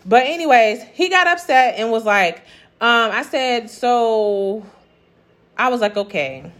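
A woman's voice: on the high side, lively intonation, slow pace, a bit bright. A young woman telling a dating-app story to her viewers in a blunt, sassy, profane way, reading out the text messages as she goes. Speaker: vlogger. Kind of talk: casual storytelling rant.

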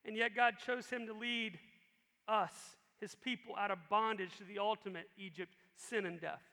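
Pastor guy preaching, really bright, high voice, hall reverb. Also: normal speed, gravelly. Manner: animated, emphatic preaching. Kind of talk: sermon. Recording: long reverb in a large hall.

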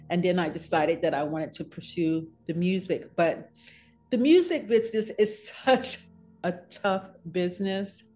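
A woman guest in a casual interview, telling her story in an animated way, laughing often and going high when she quotes people.

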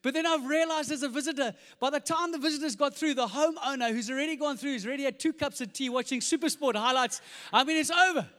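High-voiced pastor, echoing hall. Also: male voice, fast talker. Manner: energetic, jokey, acts out voices. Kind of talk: sermon with comic storytelling. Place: large church hall. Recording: reverberant church hall.

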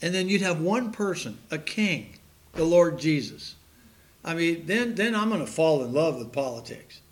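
A man's voice: fairly high pitch, expressive, moderate pace. A man preaching a sermon in a folksy, joking way, laughing at his own puns and stories.

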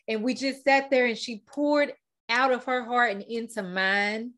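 A woman's voice: fairly high pitch, steady tone, unhurried, a bit bright. Heartfelt woman podcast host. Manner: heartfelt testimony, repeats words, fillers. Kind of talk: casual faith-based podcast talk.

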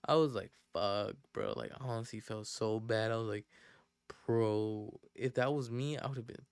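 Young guy rambling thru a story, lots of likes and restarts, smooth voice, dry close mic. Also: mid-range voice, steady tone, normal speed, dry recording. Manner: rambling, slangy, many fillers and restarts. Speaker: podcast host. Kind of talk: casual storytelling.

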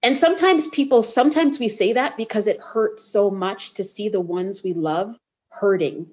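Woman, podcast host, Bible teaching, expressive storyteller, mid-pitched voice, slightly dull recording. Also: normal speed. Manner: warm expressive storytelling with quotes; uses y'all.

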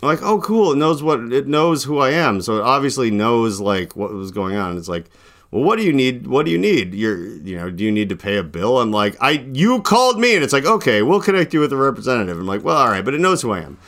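Mid-range in pitch, quick and slightly bright, his voice has a sing-song lilt. The young podcast host wanders through a long late-night story, leaning on "like" constantly and playing both parties in his phone calls.

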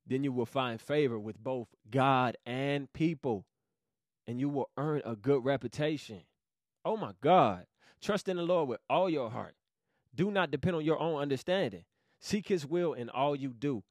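A man's voice: mid-range voice, dry recording, clean studio sound. Hyped young man preaching in slang. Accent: Southern US, Georgia. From Savannah, Georgia. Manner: hyped, slangy, bursts into loud exclamations. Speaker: podcast host teaching Bible study. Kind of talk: excited casual Bible teaching.

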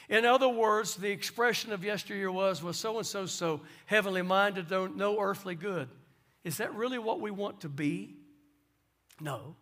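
High, bright-voiced preaching man. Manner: preaching with swings from soft asides to loud emphasis. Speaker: pastor. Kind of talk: sermon.

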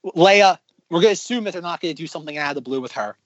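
A man co-hosting a casual podcast, talking in long excited run-on predictions with many restarts. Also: on the high side, racing, no room sound, muffled recording. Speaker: podcast co-host.

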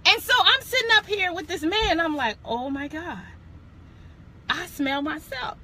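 A woman's voice: very high-pitched, measured pace, sharp tone, slight background noise. A young woman hosting a podcast, telling a candid faith testimony in a casual chat, laughing often and stopping to correct and backtrack. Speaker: podcast host.

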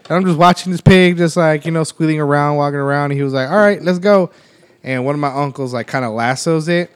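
A man co-hosting a podcast, telling relaxed anecdotes in casual chat with the odd swear. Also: on the high side, fast, clear, resonant tone. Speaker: podcast co-host.

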